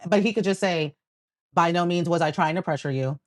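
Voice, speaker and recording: A woman co-hosting a casual reality TV recap, talking in a measured way and quoting the people she discusses. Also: on the low side. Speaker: co-host.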